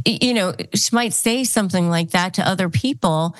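A woman's voice: fairly low pitch, a little fast, hardly any pauses, no room sound. A woman hosting a podcast interview who gives advice in an explanatory way and repeats key phrases for emphasis. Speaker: podcast host.

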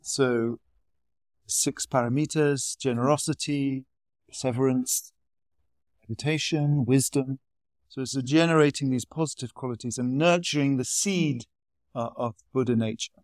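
A man's voice: medium pitch, unhurried, dry recording. Brief: male Buddhist teacher, easygoing conversational lecture, dry close recording. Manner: relaxed, conversational, storytelling asides. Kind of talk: informal dharma talk.

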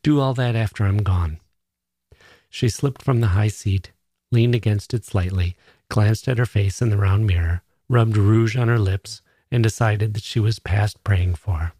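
A man reading a literary short novel aloud in a measured, even way. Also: lowish voice, slightly rough, dry recording, clean studio sound. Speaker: audiobook reader. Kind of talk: literary story narration.

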